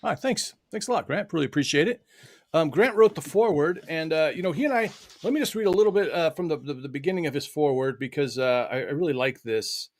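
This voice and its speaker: A man hosting an online live stream, chatting loosely with guests, laughing often and filling pauses. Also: on the high side, expressive, no echo. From United States. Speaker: host and author. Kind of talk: casual live stream chat.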